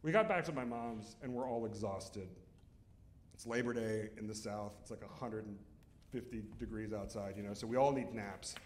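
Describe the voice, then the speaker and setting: A man's voice: fairly low pitch, normal speed, roomy sound, a little hiss or hum. A man telling a comic story on stage at a live storytelling show, laughing through his own lines.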